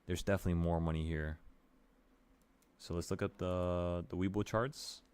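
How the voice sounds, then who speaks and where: A man's voice: sits low, normal speed, clear, resonant tone. A man hosting a casual late-night trading stream, walking through charts in a loose, offhand way and swearing now and then. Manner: relaxed, swearing, talks to viewers with "bro".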